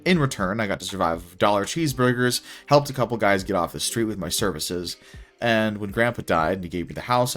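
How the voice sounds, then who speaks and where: A young man reading his own first-person story aloud in a wry, casual way. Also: lowish voice.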